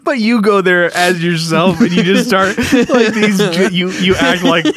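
A man's voice: high-pitched, unhurried, noisy background. Giggly man chatting loosely on a podcast. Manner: laughs often, rambling with many fillers. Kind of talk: casual comedy chat.

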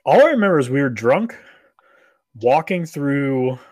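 A man's voice: medium pitch, big pitch swings, a little slow, darkish tone, dry recording, clean studio sound. Laid-back man. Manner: laid-back, casual, fond of swearing. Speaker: podcast co-host. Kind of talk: casual chat.

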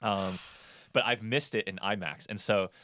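A man's voice: lowish voice, steady tone, moderate pace, fairly bright tone. A man co-hosting a casual movie podcast, rambling with lots of fillers and restarts. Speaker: podcast co-host.

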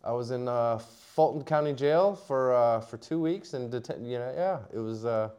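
A man's voice: mid-range voice, normal speed, darkish tone, clear, resonant tone. A middle-aged man, a poker player guest, telling a story casually with lots of fillers, restarts and laughter.

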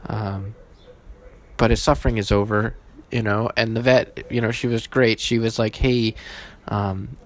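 A man hosting his own podcast, casual and halting, with many fillers and restarts, emotional and holding back tears. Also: on the low side, little pitch movement. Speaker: podcast host.

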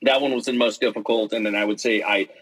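Brief: male guest, low husky voice, chatty storyteller acting out quotes. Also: quick pace, rough recording. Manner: animated storytelling, acts out quotes, many fillers and restarts. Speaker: interview guest, pennant maker and player. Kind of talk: casual storytelling in an interview.

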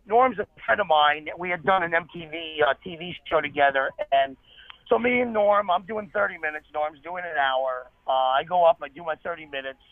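A comedian telling animated stories in an interview, with quick asides. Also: male voice, a little high, no echo, narrow, tinny audio. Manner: animated anecdotes, fast asides. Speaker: comedian guest. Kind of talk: storytelling interview.

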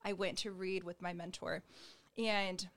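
A woman's voice: on the low side, fairly even intonation, a little slow, a bit bright. A young adult woman telling her personal faith testimony in conversation. She talks chattily, fills her speech with "like", and acts out the lines she quotes. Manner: chatty, heavy use of "like", acts out quoted dialogue; gestures while talking. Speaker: guest sharing her testimony.

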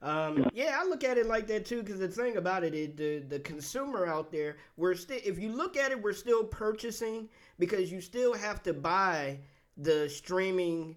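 A male host chatting casually in an interview, excitable and quick to laugh. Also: high voice.

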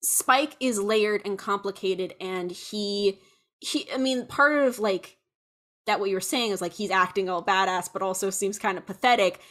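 A woman's voice: mid-range voice, moderate pace. Young female co-host; casual, rambling delivery with lots of "like" and "um". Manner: rambling, animated, many fillers. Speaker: podcast co-host. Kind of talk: casual chat.

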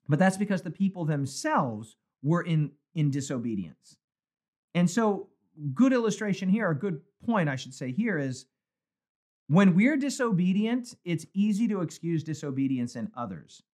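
A man's voice: on the high side, measured pace. A man teaching a Bible study as a pastor, conversational and emphatic, with repeated phrases for emphasis, recorded for a live stream. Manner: animated, conversational, emphatic repetition. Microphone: phone or webcam for a live stream.

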